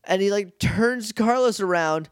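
A man co-hosting a podcast, retelling an episode in casual chat and jumping into quick voices for the characters. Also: high voice, clean tone, no echo, studio quality. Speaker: podcast co-host.

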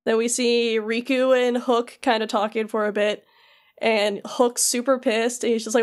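A woman's voice: fairly high pitch, flat delivery. A young woman co-hosting a podcast, recapping a video game in loose, rambling chat full of fillers, briefly voicing the characters. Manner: rambling, filler-heavy storytelling with quick voiced asides. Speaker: podcast co-host.

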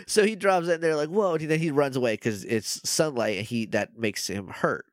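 A young man co-hosting a podcast, chatting casually and acting out characters' lines in quick voices. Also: a little high, no room sound, studio quality. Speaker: podcast co-host. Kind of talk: casual recap chat.

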